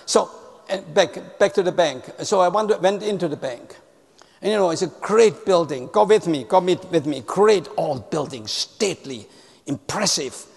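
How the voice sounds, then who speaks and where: Guy giving a service keynote, high gravelly voice, non-native phrasing, big echoey hall. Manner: storytelling, repeating key words for emphasis. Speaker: customer service speaker. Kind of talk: motivational talk to an audience. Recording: long hall reverb.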